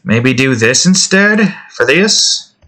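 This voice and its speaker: A man's voice: mid-range voice, very animated, slow pace, bright, forceful tone. A man casually talking to himself as he tweaks sound effects for a game he's making, rambling and cutting himself off. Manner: rambling, self-interrupting, chuckling to himself. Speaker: game developer vlogger. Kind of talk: casual thinking-aloud commentary while editing sounds.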